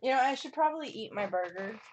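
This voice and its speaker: A woman's voice: fairly high pitch, animated, quick pace, slight background noise. A woman running a tabletop game as dungeon master, chatting casually and laughing with her players.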